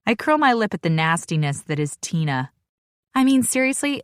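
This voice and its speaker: Low-voiced woman narrating a romance. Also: normal speed, smooth, no echo, clean studio sound. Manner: sassy, expressive. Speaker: audiobook narrator. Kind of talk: first-person romance narration.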